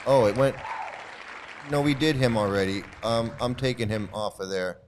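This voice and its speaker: A man hosts a casual commentary in his mid-range voice. He talks in an animated, scornful way and keeps jumping up into high exclamations. A faint hiss sits under the recording. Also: moderate pace, a faint crowd. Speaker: commentary host.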